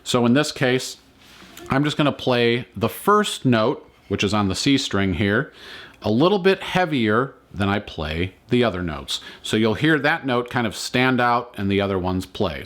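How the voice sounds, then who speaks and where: Calm man teaching ukulele. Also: on the low side, a little slow. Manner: calm, explanatory, counts beats aloud. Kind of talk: instructional lesson.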